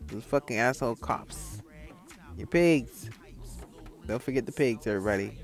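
A man's voice: medium pitch, lively intonation, normal speed, gravelly, darkish tone, soft background music. A man from Florida telling a rambling, profane story in a casual vlog monologue. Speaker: vlogger.

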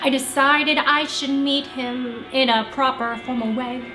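A young woman singing a musical theatre song as a shy girl smitten with a barista, in dreamy, drawn-out phrases. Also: high voice, fairly even intonation, pushed and bright. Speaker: auditioning actor. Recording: echoey room, faint music.

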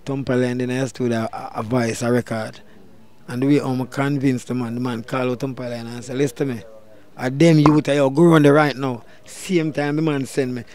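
Animated Jamaican man telling stories. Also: mid-range voice, moderate pace. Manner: animated, loud bursts when acting out quotes. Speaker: dancehall deejay guest. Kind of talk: storytelling interview.

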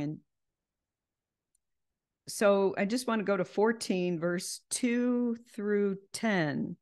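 A woman's voice: mid-range voice, slow, long pauses, darkish tone, clear, resonant tone. A woman leading an informal Bible study over a video call, talking freely and often restarting her sentences. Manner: chatty, with frequent restarts and self-corrections.

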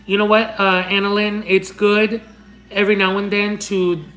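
A woman's voice: mid-range voice, level tone, normal speed, fairly bright tone, faint music behind, low-quality recording. A young woman hosting a casual livestream, reading out fan messages in an affectionate, rambling way, with Spanish as her first language. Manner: affectionate, calls viewers honey and my love; chatty, rambling with restarts and laughs. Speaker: livestream host.

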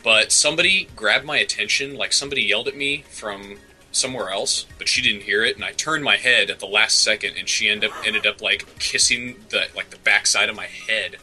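A man's voice: fairly low pitch, fairly quick, bright, forceful tone, soft background music, low-quality recording. A young man co-hosting a podcast, telling a rambling personal story with many fillers and restarts. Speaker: co-host. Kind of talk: casual chat.

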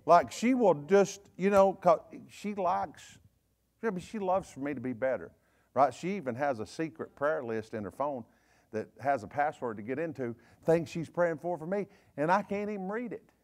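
A man with a Southern US accent, a bishop preaching a sermon in a folksy, joking way with quick asides. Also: fairly high pitch, animated. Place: church service.

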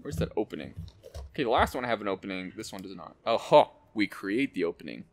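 A man hosting an unboxing, excitedly calling out card names and cracking quick jokes as he goes. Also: on the low side. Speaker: host opening card packs. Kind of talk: casual unboxing commentary.

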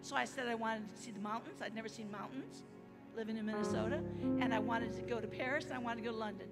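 A high-pitched American woman preaching to a congregation in a church hall with a long echo. She is animated and leads call-and-response. Music plays behind her. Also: fast talker. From United States. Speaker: guest missionary preacher. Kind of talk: sermon.

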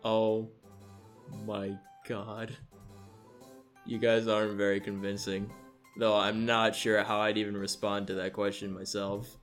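A man's voice: lowish voice, flat delivery, a little slow, soft background music. Exasperated, sarcastic gaming man. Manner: sarcastic, exasperated, swears and laughs a lot. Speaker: let's play host. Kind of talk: casual gameplay commentary.

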